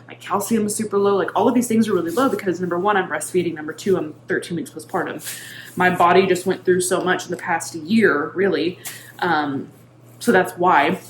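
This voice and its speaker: A woman's voice: lowish voice, steady tone, fairly quick. A woman in her thirties, a mindset coach talking casually to camera with many fillers. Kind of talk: casual talk-to-camera vlog. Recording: echoey room with faint background noise.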